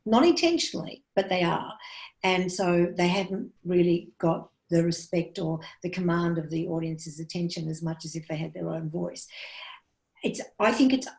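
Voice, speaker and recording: A woman's voice: lowish voice, moderate pace, vocal fry, darkish tone. A woman comedian, teaching comedy writing in a chatty, frank way with many restarts. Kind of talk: casual talk to a class. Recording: roomy echo.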